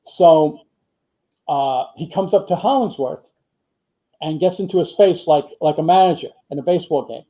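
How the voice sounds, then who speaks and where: An older man, a retired firefighter and author, appears as a guest in a casual interview, spinning long anecdotes packed with fillers and quoted dialogue. His voice is a little high and warm, at a moderate pace. The audio is muffled and lo-fi.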